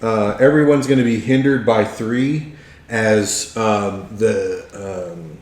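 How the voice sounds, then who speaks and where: A man running a tabletop game as game master, hesitant, with many fillers and throat clearing. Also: on the low side, takes it slowly, a little mellow, roomy sound.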